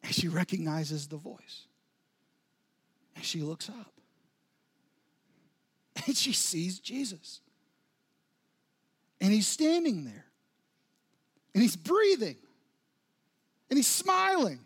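High-voiced man preaching a dramatic sermon. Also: very animated, takes it slowly, pauses often, slightly rough. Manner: dramatic storytelling with sudden soft drops and rising intensity. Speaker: pastor.

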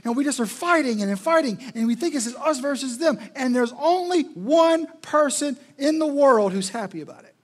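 A man's voice: very high-pitched, lively intonation, moderate pace, hardly any pauses. A male pastor preaching a sermon in an emphatic, repetitive, rhetorical style.

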